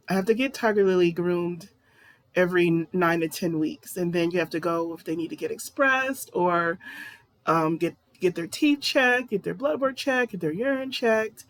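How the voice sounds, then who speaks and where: A woman's voice: lowish voice, moderate pace, no echo. A woman talking casually to camera in a personal vlog, rambling and candid. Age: adult. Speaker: vlogger.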